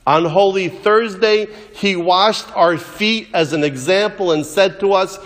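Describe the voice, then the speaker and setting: Man, preacher, sermon, slightly high voice, deliberate, long church reverb. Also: a bit bright. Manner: slow, deliberate delivery with storytelling and recitation.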